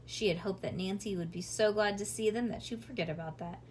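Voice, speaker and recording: A woman reading a children's storybook aloud in a casual, lively way with small slips. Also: medium pitch, fairly quick, slight background noise. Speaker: reader.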